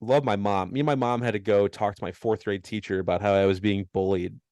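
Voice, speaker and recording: A man's voice: lowish voice, steady tone, brisk, a little mellow, no echo. A young man co-hosting a podcast, rambling through a story with lots of laughter and self-mocking asides. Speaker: podcast co-host. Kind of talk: casual chat.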